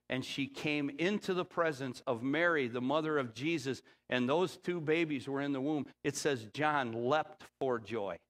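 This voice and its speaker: A middle-aged man preaching a sermon as pastor, rising to loud emphatic peaks and dropping low and quiet for quoted lines. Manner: drops to a low, quiet voice when quoting the Spirit.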